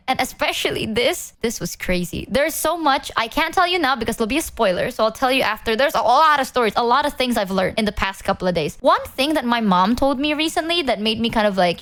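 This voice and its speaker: Lively-voiced woman streamer. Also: on the high side. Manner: rambling, swears freely, often laughs. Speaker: VTuber streamer. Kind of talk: casual live-stream chat.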